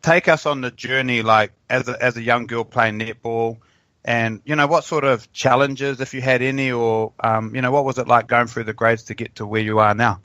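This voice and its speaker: Casting: New man, keen podcast host, sharp bright voice, rambling energy. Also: mid-range voice, steady tone, moderate pace. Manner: enthusiastic, rambling storyteller. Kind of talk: casual podcast chat.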